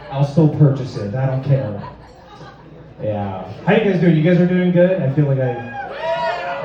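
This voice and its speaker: A young man doing a stand-up set with a rambling, hesitant delivery full of filler words and awkward, deadpan asides. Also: fairly high pitch. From Lexington, Massachusetts. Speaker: stand-up comedian. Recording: echoey, dull sound from a distant mic.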